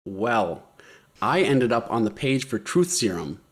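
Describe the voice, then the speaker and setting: A man's voice: medium pitch, sing-song, measured pace. A man hosting a podcast in casual chat, playful and jokey. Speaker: podcast host.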